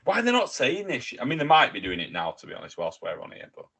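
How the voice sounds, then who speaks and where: Excitable swearing man. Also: mid-range voice, fast, creaky. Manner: excitable, swears a lot when riled. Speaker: podcast co-host. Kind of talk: casual chat.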